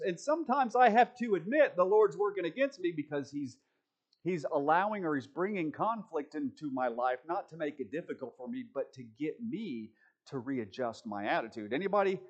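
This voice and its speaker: A man's voice: a little high, lively intonation, moderate pace, muffled recording. A man preaching a conversational sermon, full of self-deprecating asides, and often checking in with his listeners. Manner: chatty, self-deprecating asides and frequent "right?" check-ins. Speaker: preacher teaching a Bible study.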